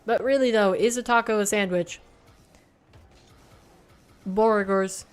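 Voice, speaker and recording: A woman's voice: mid-range voice, slow, clean tone. Chatty woman casting esports. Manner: chatty, laughing asides, rambling explanations. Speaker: caster. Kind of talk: casual esports commentary.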